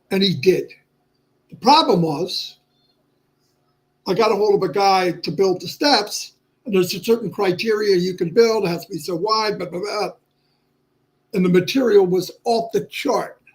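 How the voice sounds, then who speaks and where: A man in his sixties talking candidly to his livestream viewers, halting and restarting often. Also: high-pitched, low-quality recording. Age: 60s. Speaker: livestream host. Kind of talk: personal talk to viewers.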